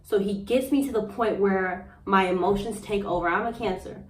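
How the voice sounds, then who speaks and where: A young woman vlogger telling a personal story in a blunt, profane, animated way. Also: medium pitch, moderate pace, recorded from a distance. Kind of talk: candid storytime monologue. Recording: roomy echo, a bit off-mic.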